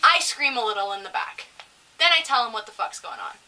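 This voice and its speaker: A young woman co-hosting a casual podcast, telling lively stories with lots of swearing and acted-out quotes. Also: on the high side, a little fast, distant mic, faint music behind, rough recording. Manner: animated, swearing, acts out quoted voices. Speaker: podcast co-host. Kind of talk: casual storytelling chat.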